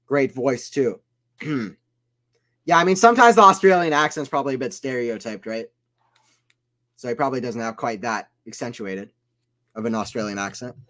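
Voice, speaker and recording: A man giving casual play-by-play commentary on a tennis watchalong stream, chatting with viewers between points and getting loud on big shots. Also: medium pitch, moderate pace, long pauses. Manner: chatty, reads chat aloud between points.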